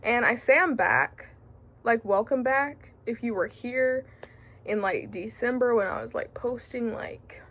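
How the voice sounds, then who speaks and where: A woman's voice: a little high, unhurried, fairly bright tone. A woman in her late teens with a Southern US country accent, chatting casually in a rambling way, full of fillers and self-corrections, as a book vlogger. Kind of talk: casual chat.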